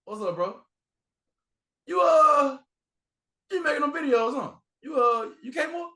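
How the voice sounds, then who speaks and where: A man's voice: very high-pitched, normal speed, gravelly, voice pushed up, exaggerated voice. A man voicing an overeager young male fan who keeps calling him bro. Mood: excited. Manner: repeats bro, pushy and excited.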